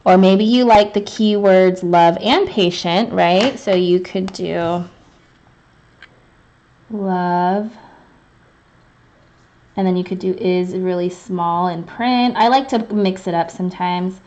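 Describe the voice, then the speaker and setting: Slow-talking woman teaching calligraphy live. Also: fairly low pitch, fairly even intonation, a little mellow, a little hiss or hum. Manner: chatty and thinking aloud, many fillers and restarts. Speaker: calligraphy instructor. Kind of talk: live online lesson, demonstrating while writing.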